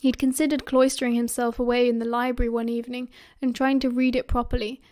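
A woman with a British accent reading a fan audiobook in steady storytelling narration. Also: fairly high pitch, fast talker.

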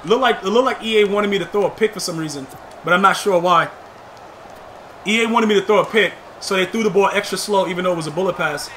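A man giving live gameplay commentary, slangy and trash-talking, bursting into shouts at big plays. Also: high-pitched, quick pace, slight background noise. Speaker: gamer.

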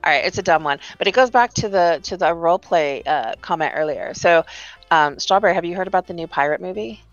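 A woman hosting a virtual-world event in casual chat, emotional and halting, with many fillers. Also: fairly low pitch, lively intonation, no echo, lo-fi sound, faint music behind.

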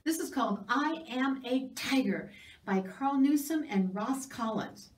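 A woman working as a children's librarian, reading a picture book aloud to children in a cheerful, animated way in a library. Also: high voice, measured pace. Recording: roomy sound from a distant mic.

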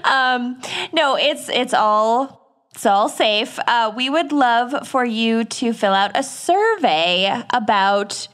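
Slow-talking giggly woman co-host. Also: fairly high pitch, lively intonation, a bit bright. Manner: giggly, swears casually. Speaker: podcast co-host. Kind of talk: casual chat.

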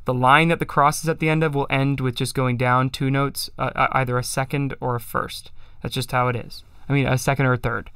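The host's medium-pitched voice barely shifts in pitch, and he talks briskly with hardly any pauses in a fairly bright, smooth tone. He's on a livestream, chatting loosely and self-deprecatingly about chant while demonstrating psalm tones, captured at studio quality without echo.

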